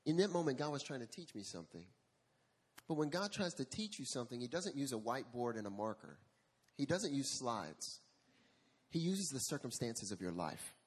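A male pastor delivering a sermon with animated storytelling and a husky voice, rising in volume for emphasis. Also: medium pitch, moderate pace.

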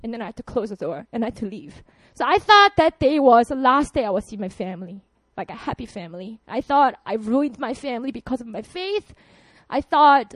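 A young woman from South Korea, giving an animated personal testimony and laughing often. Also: on the high side, moderate pace, no room sound.

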